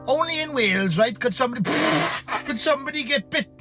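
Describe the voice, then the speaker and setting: A man's voice: very high-pitched, animated, fast talker, bright, forceful tone. A man delivering a comic news rant, angry and full of swearing. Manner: angry, swearing, exaggerated ranting. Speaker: comedy creator.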